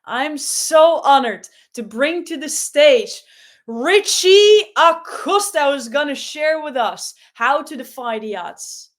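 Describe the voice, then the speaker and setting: A woman hosting an event, introducing the next speaker to the crowd with excitement. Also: high voice, slow, few pauses. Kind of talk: stage introduction.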